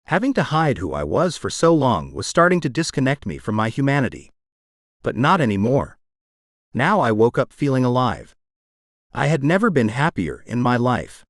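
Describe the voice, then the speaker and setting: Male audiobook narrator, expressive first-person romance read, very lively pitch, dry close studio sound. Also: normal speed, no room sound. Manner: emotional, expressive reading.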